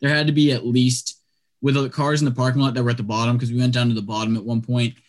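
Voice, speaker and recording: On a podcast, a young guy with a mid-range voice races through a long, casual story at a quick pace. He's talkative and animated, filling his speech with "like" and "dude."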